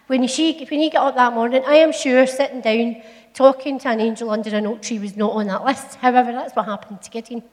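A woman's voice: a little high, steady tone, fairly quick, a little mellow. A middle-aged woman with a Scottish accent, telling a Bible story to a church in a homely, playful, chatty way. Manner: homely, chatty and playful, with local turns of phrase. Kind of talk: storytelling sermon. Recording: long echo of a large hall.

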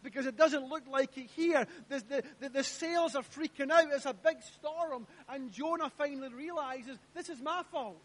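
A man's voice: extremely high pitch, moderate pace, hardly any pauses. A man preaching a sermon in church, emphatic and repeating his phrases while asking the congregation questions. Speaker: pastor.

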